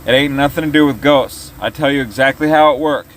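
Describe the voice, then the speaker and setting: A man's voice: mid-range voice, fairly quick, a little hiss or hum, lightly acted. A man voicing a boastful, folksy bluesman who explains things grandly. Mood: explaining. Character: boastful older male bluesman.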